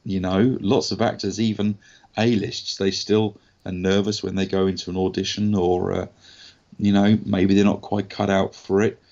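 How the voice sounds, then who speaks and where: An English actor telling a candid, animated story from his career in a casual interview, swearing now and then. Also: sits low, normal speed, highs cut off. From England. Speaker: actor guest.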